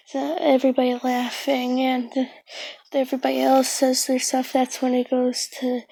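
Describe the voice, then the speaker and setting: A woman's voice: high voice, monotone, moderate pace, vocal fry, warm tone, no room sound. Rambling woman retelling a fan story. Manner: rambling, hesitant, many fillers and restarts.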